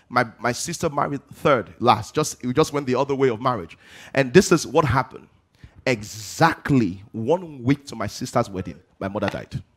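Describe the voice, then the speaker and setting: A man preaching a sermon to a congregation. He asks rhetorical questions and answers them himself, with emphatic rising delivery. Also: mid-range voice.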